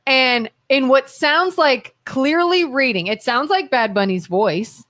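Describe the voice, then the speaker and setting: A woman co-hosting a local talk radio show, telling stories in a lively, chatty way and quoting people she talks about. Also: high-pitched, takes it slowly. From Ohio. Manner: animated storytelling, quotes others in voices. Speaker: co-host. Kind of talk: casual talk radio chat.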